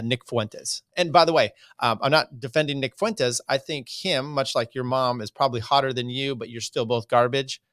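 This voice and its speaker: A man's voice: mid-range voice, a bit bright, dry recording, studio quality. A man hosting a podcast, giving casual, rambling commentary with a wry edge. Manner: rambling, many fillers and restarts, wry. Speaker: podcast host.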